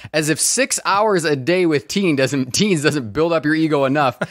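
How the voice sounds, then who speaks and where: A man's voice: fairly high pitch, moderate pace. A man co-hosting a casual podcast, reading tweets aloud and laughing often. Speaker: podcast co-host.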